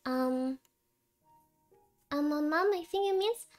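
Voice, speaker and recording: A woman's voice: sits high, slow pace, faint music behind. A woman VTuber chatting casually to her viewers while gaming, cutesy and giggly, with a tired, sleepy voice. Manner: giggly, cutesy, talks to chat with many laughs. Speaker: VTuber streamer. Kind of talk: casual game stream chat.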